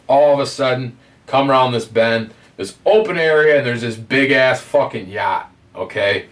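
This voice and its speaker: A man giving a rambling game review, full of constant swearing and animated retelling. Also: mid-range voice, normal speed, recorded from a distance. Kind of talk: profane ranting game review.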